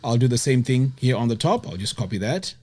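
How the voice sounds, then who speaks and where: Lively man walking through a web tutorial. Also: mid-range voice, fairly quick, slight background noise. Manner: talks to the viewer directly, checks in with frequent "okay?" and "right?". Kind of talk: screen-recorded software tutorial.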